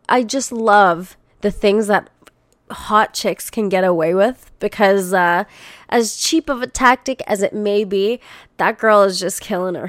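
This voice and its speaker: A woman's voice: medium pitch, dry recording, studio quality. A young woman hosting a casual podcast, reading news headlines aloud and riffing on them with blunt, profane commentary. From Canada. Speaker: podcast host.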